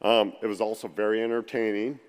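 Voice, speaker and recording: A man's voice: on the low side, flat delivery, fairly quick, clear, resonant tone. A man moderating a conference Q&A, speaking in an enthusiastic, complimentary way. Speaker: session moderator. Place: conference hall. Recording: long hall reverb.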